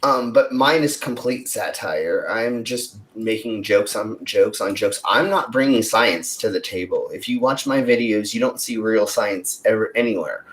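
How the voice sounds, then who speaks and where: A man co-hosting a casual podcast chat, rambling and filling pauses with ums and likes. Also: on the low side, a bit bright. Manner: rambling, many fillers and restarts. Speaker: podcast co-host. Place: Denver, United States.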